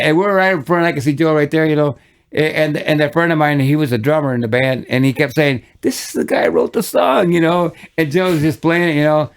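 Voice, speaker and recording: An older man from Michigan tells his stories as a guest on a podcast. He wanders, restarts his sentences and chuckles along the way. His voice sits a little high and has a gravelly, fried edge. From Michigan, USA. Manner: rambling anecdotes with many restarts and chuckles. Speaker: guest musician. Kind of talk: casual storytelling interview.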